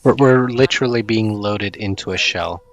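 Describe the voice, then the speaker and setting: A man's voice: fairly low pitch, moderate pace, dull audio. A man chatting casually with a friend while playing a co-op game, easygoing and hesitant. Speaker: co-op gaming friend. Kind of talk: casual gameplay chat.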